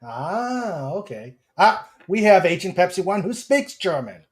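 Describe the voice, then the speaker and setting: A man hosting a casual livestream, reading viewer comments aloud and stumbling through fillers. He talks slowly in a fairly high voice. His delivery is hesitant throughout. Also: very animated. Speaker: host.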